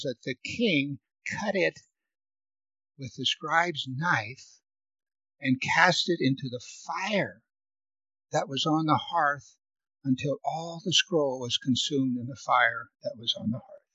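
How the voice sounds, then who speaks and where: A man's voice: takes it slowly, breathy edge, no room sound, dull audio. A man teaching verse by verse through a Bible passage, reading the verses aloud with force and then commenting, repeating words for emphasis. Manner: reads scripture aloud louder and higher, then comments.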